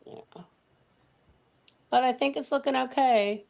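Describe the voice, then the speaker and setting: A woman's voice: sits high, takes it slowly, vocal fry, darkish tone. A woman hosting a crochet live stream, chatting casually with short, reassuring replies. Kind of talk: casual chat.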